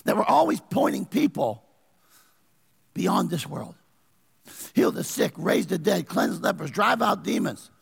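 A man's voice: high voice, big pitch swings, a little slow, gravelly, pauses often, slightly rough, big-room sound. A man preaching a sermon as pastor, asking his congregation questions and pressing his points. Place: church.

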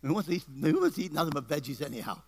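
A man preaching a sermon to a congregation, energetic, with rising emphasis and asides to the people in the pews. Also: a little high, racing, vocal fry. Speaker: pastor. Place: church before a congregation.

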